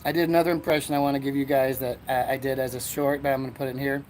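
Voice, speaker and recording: A man's voice: mid-range voice, flat delivery, rapid-fire, a little mellow, slight background noise. Male host, meandering and self-mocking, recorded outdoors on a porch with faint ambience. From Erie, Pennsylvania, USA. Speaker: podcast host. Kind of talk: rambling solo comedy podcast.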